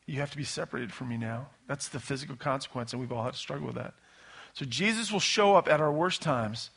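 A man preaching a sermon in a conversational, animated way, with sudden bursts of loud emphasis. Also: medium pitch, vocal fry. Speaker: pastor.

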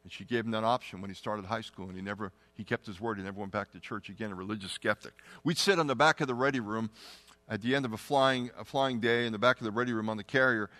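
A middle-aged man telling a personal testimony story, earnest and often dropping to a hushed tone. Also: fairly low pitch, fast talker, no room sound. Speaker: testimony speaker.

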